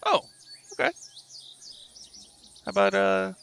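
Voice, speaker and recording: A man running a tabletop game as dungeon master, thinking aloud in an unhurried way. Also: sits high, big pitch swings, gravelly, a bit bright, slight background noise.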